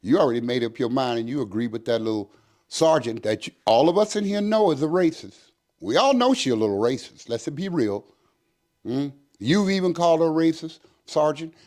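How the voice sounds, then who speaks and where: A man's voice: fairly high pitch, moderate pace. An older man, a retired prison captain, telling a story in an interview and acting out the voices of the people in it. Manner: animated storyteller acting out dialogue in quoted voices.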